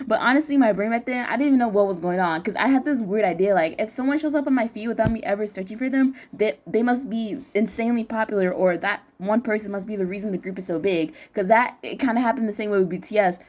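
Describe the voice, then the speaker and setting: Chatty young American woman vlogger. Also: mid-range voice. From United States. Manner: chatty, rambling, self-correcting, slangy. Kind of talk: casual chat.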